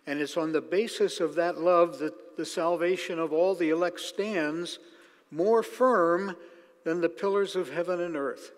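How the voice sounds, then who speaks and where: Man, sermon, emphatic, slow on key words, reverberant hall. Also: a little high. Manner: emphatic, slows down to stress key phrases. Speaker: preacher.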